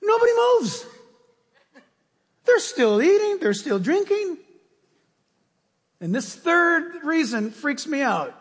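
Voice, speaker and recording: Casting: high-pitched, husky male preacher, lively storyteller, long hall reverb. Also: slow pace, long pauses. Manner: animated storytelling, acting out scenes. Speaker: pastor. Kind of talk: sermon.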